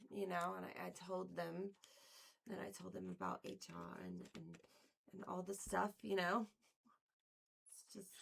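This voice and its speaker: A woman's voice: mid-range voice, gravelly, fairly bright tone. A woman livestreamer chatting casually with viewers in a playful, rambling way and giggling often.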